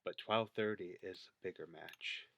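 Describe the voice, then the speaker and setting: A man's voice: sits low, normal speed, vocal fry, sharp tone. A man giving casual commentary over video clips, thinking aloud and counting things out as he points them out. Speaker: video creator.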